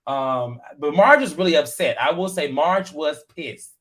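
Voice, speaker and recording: Chatty and animated, a male podcast co-host recaps reality TV casually, full of fillers and retold quotes. His voice sits a little high and he keeps a measured pace.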